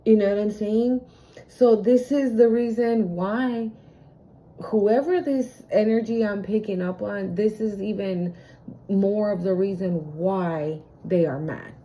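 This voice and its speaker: A woman reads tarot in a loose, chatty way, swearing freely and laughing between her points. Her voice is mellow and warm. She talks to her viewers like old friends. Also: mid-range voice, takes it slowly. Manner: chatty and profane, laughs often. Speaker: tarot card reader. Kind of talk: casual spiritual reading.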